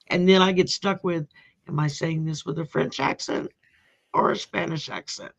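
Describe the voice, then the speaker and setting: A woman's voice: sits low, steady tone, a little slow, creaky. A woman hosting a live tarot stream in a rambling, laid-back way, reading out viewer names. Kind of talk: casual live-stream chat. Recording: dull lo-fi stream audio.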